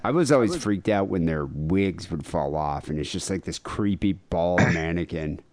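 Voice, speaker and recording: Guy in his 30s, lowish voice, rambly casual podcast chat, dry close mic. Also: expressive, moderate pace, darkish tone, no echo. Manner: rambling, self-deprecating, laughs often. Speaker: podcast co-host.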